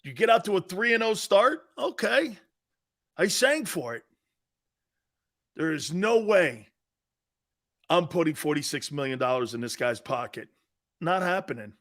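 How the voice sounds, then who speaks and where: A middle-aged man hosting a sports talk show, brash and sarcastic, swearing and breaking into shouted outbursts. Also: on the high side, sing-song, measured pace, long pauses. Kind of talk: opinionated sports radio talk.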